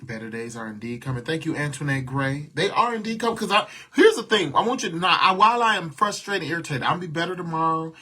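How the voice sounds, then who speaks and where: A man hosting a casual livestream, talking candidly, venting his frustrations, trailing into soft asides and thanking viewers by name. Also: on the high side, quick pace, hardly any pauses, breathy edge. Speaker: livestream host.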